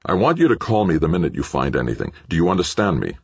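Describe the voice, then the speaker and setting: A man's voice: deep voice, big pitch swings, fast talker, darkish tone, breathy edge, no echo, pitched above the performer's own voice, heavily acted. A man voicing an angry male corporate executive who snaps and insists on results. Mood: demanding. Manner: snapping, insistent.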